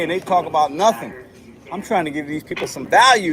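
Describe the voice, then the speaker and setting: A man live streaming from a grocery store, complaining and coaching himself out loud. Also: on the high side, animated, a little fast, a little hiss or hum, rough recording. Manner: frustrated, self-talk, dramatic complaints. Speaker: livestreamer. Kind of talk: live stream while shopping.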